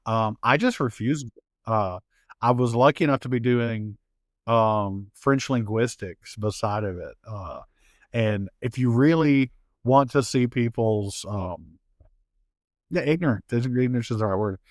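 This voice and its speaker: A man with a warm Appalachian accent talks in a relaxed interview, spinning animated stories and slipping into the voices of people he quotes. He laughs easily between points. The sound is close and dry, with no room around it. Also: medium pitch, measured pace, no echo. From Appalachian United States. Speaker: author and guest. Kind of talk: casual interview conversation.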